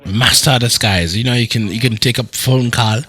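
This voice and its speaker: A man's voice: mid-range voice, moderate pace, fairly bright tone, breathy edge. A man with a Jamaican accent chatting in character, playful and hesitant, breaking into snatches of old folk songs. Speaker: role-play player. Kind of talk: in-character casual chat.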